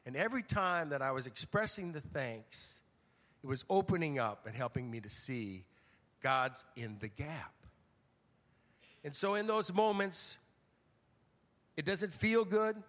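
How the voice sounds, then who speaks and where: Older guy preaching, kinda high voice, goes loud then real hushed, long church echo. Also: normal speed. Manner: animated, swings from loud emphasis to hushed near-whispers; storytelling, conversational preaching. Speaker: pastor. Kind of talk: sermon.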